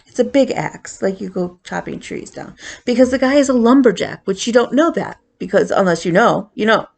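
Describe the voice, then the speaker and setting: A woman's voice: mid-range voice, animated, normal speed, vocal fry, a little mellow. A woman chatting casually on her cross-stitch vlog, rambling with fillers as she tells a story.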